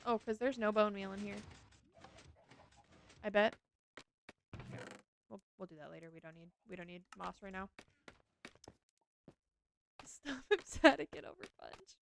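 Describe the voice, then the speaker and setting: Chatty woman streamer with gravelly voice. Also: medium pitch, measured pace, pauses often, a little hiss or hum. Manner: chatty, talks to chat, gushes over cute animals. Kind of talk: casual game stream chat.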